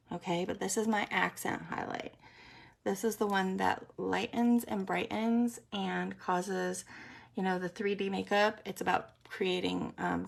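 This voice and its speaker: A woman's voice: mid-range voice, vocal fry. A woman, rambling and chatty, talking through a live makeup tutorial with lots of ums. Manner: chatty, rambling, many ums, explains as she works.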